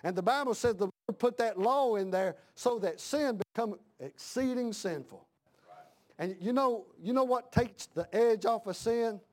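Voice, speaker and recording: High-voiced preaching man, fiery sermon. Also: unhurried. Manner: preaching with rising shouted emphasis and repeated lines. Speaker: pastor. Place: church.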